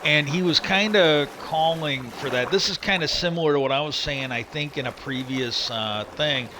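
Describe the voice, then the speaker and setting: A man's voice: a little high, normal speed, background noise. A middle-aged man hosting a livestream, rambling in casual chat and swearing freely as he retells what he heard. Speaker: livestream host.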